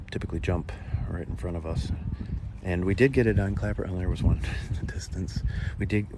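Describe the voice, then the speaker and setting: A man hosting a casual walking livestream outdoors by a beach lagoon on a plugged-in mic, chatting and answering viewer comments with nervous laughs. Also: sits low. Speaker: livestream host. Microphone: plugged-in mobile mic while walking. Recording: outdoor wind and nature noise.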